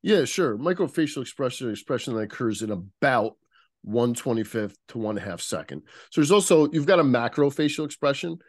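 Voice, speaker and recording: A man's voice: medium pitch, lively intonation, fairly quick, no echo. Man, podcast guest, instructor tone, searches for words, dry close recording. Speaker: interview guest, nonverbal communication instructor. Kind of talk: casual podcast interview.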